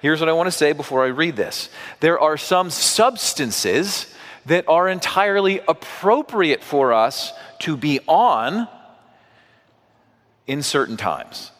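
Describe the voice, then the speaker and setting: A man's voice: fairly high pitch, lively intonation, takes it slowly, a bit bright, in a large hall. A man preaching a sermon in a church, talking to the congregation in a conversational way with asides and questions. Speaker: pastor.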